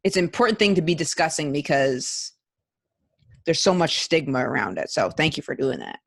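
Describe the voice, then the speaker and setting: A woman's voice: deep voice, animated, moderate pace, vocal fry, fairly bright tone, no echo. A woman hosting a podcast interview, chatting casually and supportively with her guest. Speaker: podcast host.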